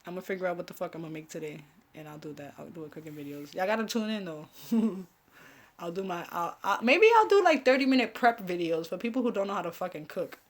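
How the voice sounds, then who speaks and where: A woman's voice: lowish voice, expressive, fast talker. Woman, young adult, live stream host, casual chat, profane, laughs a lot. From Caribbean family, raised speaking Spanish. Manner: profane, laughing, talks to viewers. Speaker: host of a live online show.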